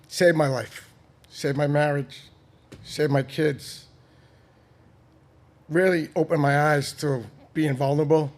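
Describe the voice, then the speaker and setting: A man with a Boston accent, a guest on a podcast, talking earnestly and bluntly with casual swearing. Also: a little high. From Boston, Massachusetts. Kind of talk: candid conversational interview.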